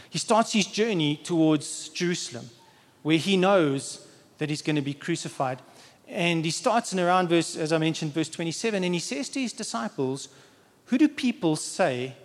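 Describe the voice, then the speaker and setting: A man with a fairly high voice preaches a sermon in a relaxed, conversational way. He slips into the quoted lines, acting them out as he goes. His voice carries a long reverb from the hall he speaks in.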